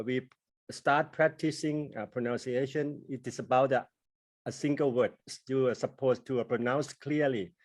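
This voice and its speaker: A man's voice: mid-range voice, darkish tone. Hesitant Thai-native man asking a question. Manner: hesitant, many fillers and restarts while forming ideas. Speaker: student. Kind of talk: question in online class.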